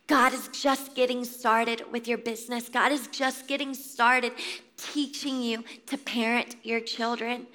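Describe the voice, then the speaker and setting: A woman's voice: fairly high pitch, pushed and bright. A woman in her thirties giving an impassioned inspirational sermon at a faith event, exhorting listeners and calling them friends. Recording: long reverb of a large hall.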